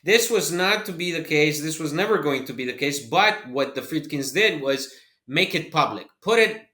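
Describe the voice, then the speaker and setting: A man co-hosting a football podcast, making his points in an emphatic, measured way with some halting restarts. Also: a little high, animated, sharp tone, roomy sound. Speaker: podcast co-host. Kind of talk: casual podcast chat.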